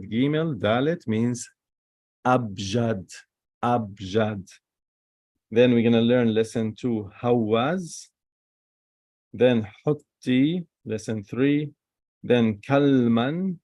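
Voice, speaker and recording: Slow gravelly man teaching. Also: fairly low pitch, a little mellow, no room sound. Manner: slow, patient, repeats each sound. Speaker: Hebrew teacher. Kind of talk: recorded language lesson.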